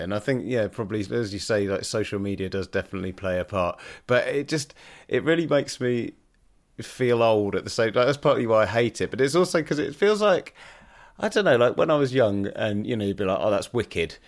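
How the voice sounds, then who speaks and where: A man's voice: mid-range voice, expressive. A man in a casual chat, laid-back and agreeable. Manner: laid-back, agreeable, quick to laugh along.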